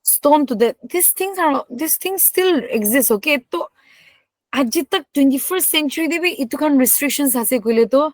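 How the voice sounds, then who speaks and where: A woman's voice: high voice, animated, racing, dry recording. A woman teacher, giving a classroom history lecture and firing rhetorical questions at her class. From Northeast India. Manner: emphatic, code-switching, asks the class rhetorical questions.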